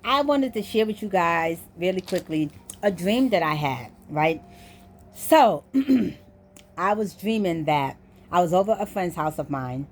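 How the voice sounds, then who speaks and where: Animated woman telling a story. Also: lowish voice, measured pace, slight background noise. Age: adult. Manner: animated, voices the people in her story. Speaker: vlogger. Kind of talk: casual storytelling.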